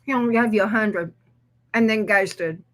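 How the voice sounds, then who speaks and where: With a mid-range, fairly bright voice at normal speed, a woman casually jokes her way through livestreamed tarot readings. She laughs, swears, and addresses her chat and her pets.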